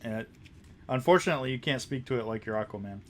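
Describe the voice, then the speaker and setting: Guy running a d&d game, mid pitch, bit of hiss behind, lots of restarts. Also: expressive. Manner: descriptive, halting narration with restarts. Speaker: dungeon master. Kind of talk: narrating a tabletop game.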